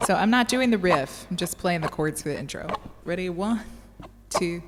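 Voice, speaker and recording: A woman's voice: lowish voice, expressive, fairly quick, background noise. A woman teaching a ukulele lesson, patiently counting beats and calling out strum patterns. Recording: ukulele playing behind the voice.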